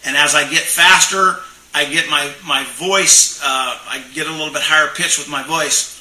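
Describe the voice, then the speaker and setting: A man's voice: a little high, steady tone, normal speed, bright, forceful tone. A middle-aged man who makes turkey calls, reading viewer questions aloud and answering in a plainspoken, rambling way with lots of fillers. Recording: echoey room, mic far off.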